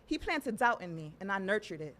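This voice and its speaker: A woman from New York performing a spoken word poem at an open mic, with measured, rhythmic delivery. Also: mid-range voice, big pitch swings, fairly bright tone. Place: live poetry venue.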